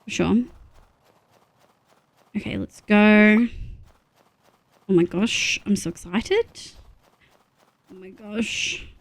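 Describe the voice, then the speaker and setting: A young woman from Australia streaming a farming game, chatting casually, gasping with excitement and counting items aloud. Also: medium pitch, very slow, pauses often. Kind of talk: casual gameplay chat.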